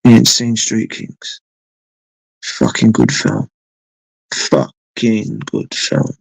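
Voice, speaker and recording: A man's voice: fairly low pitch, sing-song, very slow, creaky, no echo, rough recording. A man hosting a late-night live stream from home, chatting to viewers in a rambling, sweary way. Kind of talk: casual chat with viewers.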